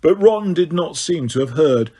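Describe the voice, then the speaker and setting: A man's voice: fairly high pitch, animated, moderate pace, mellow, breathy edge. A man reading a novel aloud as an audiobook narrator, with occasional stumbles and restarts. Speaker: audiobook reader.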